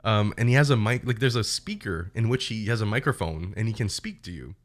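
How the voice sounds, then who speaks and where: A young man streamer casually retelling a bad trip, animated and profane. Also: fairly low pitch, a little fast. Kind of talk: casual storytelling.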